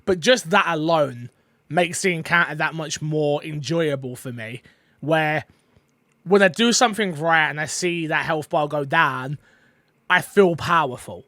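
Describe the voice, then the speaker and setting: A man co-hosting a casual podcast chat, rambling and excitable with lots of fillers, eating while he talks. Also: on the high side, a little slow, no echo, studio quality. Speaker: podcast co-host.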